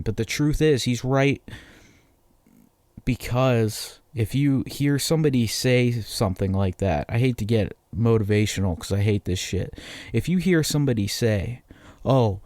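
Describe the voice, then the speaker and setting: Medium-pitched with a darkish tone and no echo, this Massachusetts man in his 20s rambles through his own casual solo podcast, swearing freely and putting himself down.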